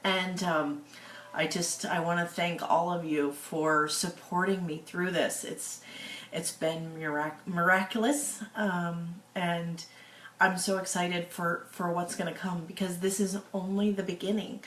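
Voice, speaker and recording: A woman speaks in a low, unhurried voice, pausing often and filling gaps with little hesitations. She sounds tearful as she talks straight to her followers. Her voice rings in an echoey room. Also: level tone, slight background noise. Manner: slow, halting, with many fillers. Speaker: author. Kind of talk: casual video update to followers.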